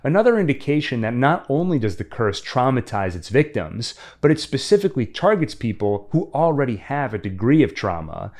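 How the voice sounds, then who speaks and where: Guy doing a scripted horror movie recap, dry sarcastic asides, pitch bouncing all over. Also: very animated, fairly quick, few pauses, darkish tone. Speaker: horror film reviewer. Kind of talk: scripted film recap narration.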